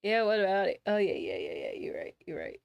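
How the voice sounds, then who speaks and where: A woman's voice: medium pitch, wildly swooping pitch, fairly quick, gravelly, a little mellow, smooth, muffled recording. A woman live-streaming, chatting casually and playfully with her chat in a slangy, teasing way, sounding sleepy. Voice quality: sings snatches of songs between chatter.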